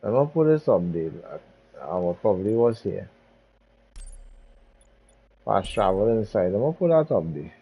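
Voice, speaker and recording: A man's voice: on the low side, big pitch swings, measured pace, pauses often, slightly rough, narrow, tinny audio. A man hosting a gaming channel, giving laid-back commentary while he drives, muttering and repeating himself. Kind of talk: casual gameplay commentary.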